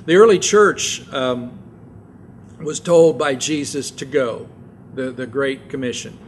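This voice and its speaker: An older man preaching a sermon as pastor, telling stories in a relaxed conversational way with asides. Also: medium pitch, slow pace, long pauses, slight background noise.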